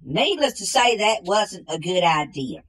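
A woman playing a slow-witted, bumbling country man in a comedy sketch, drawling and repeating the same catchphrase. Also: fairly low pitch, very animated, fairly bright tone, breathy edge, full character voice, low-quality recording.

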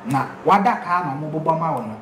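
Ghanaian male TV host, insistent and preachy, roomy echo, steady noise behind. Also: a little high, a little fast. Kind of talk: interviewing and addressing viewers. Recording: echoey room with background noise.

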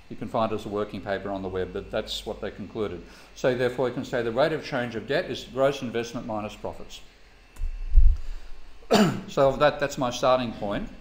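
A man giving an economics lecture, telling anecdotes bluntly and swearing casually. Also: medium pitch. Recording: echoey room, faint ambient noise.

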